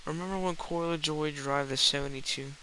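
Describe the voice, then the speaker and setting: A man's voice: a little high, steady tone, a little fast, bright, forceful tone, clean tone, low-quality recording. A man co-hosting a late night stream, tossing out teasing quips in casual chat about racing. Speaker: stream co-host.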